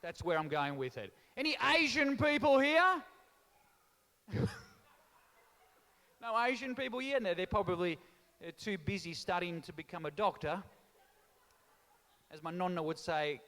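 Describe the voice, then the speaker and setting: A man doing live stand-up crowd work in a large town hall, teasing the audience in an animated way. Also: sits high, measured pace, pauses often. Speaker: stand-up comedian and MC. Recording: echoey hall reverb.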